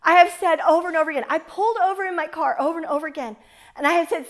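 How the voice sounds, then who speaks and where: A woman in her forties, with a very high voice and racing pace, shares a personal testimony with an audience. She tells it in an earnest, fervent storytelling style.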